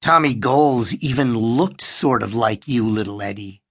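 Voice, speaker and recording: A man's voice: medium pitch, measured pace, voice pushed down, close to an everyday voice. A man voicing a scheming young boy who taunts his little brother in a horror audiobook. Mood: taunting. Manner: sneering, taunting.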